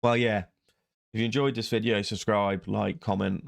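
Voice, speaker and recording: A young man with a very low, gravelly voice, talking in a rambling, sarcastic and self-mocking way over a video he is reacting to. The sound is close and dry, with no room around it. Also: fairly even intonation, fast talker, no echo. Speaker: YouTube reaction host. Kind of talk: casual reaction commentary.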